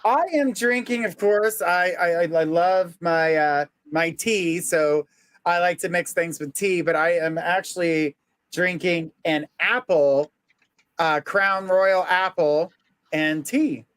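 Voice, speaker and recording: A man's voice: high-pitched, fairly even intonation, slow pace, fairly bright tone, clean tone, no echo. A man hosting a casual live psychic stream, upbeat and laughing often as he reads viewer comments aloud.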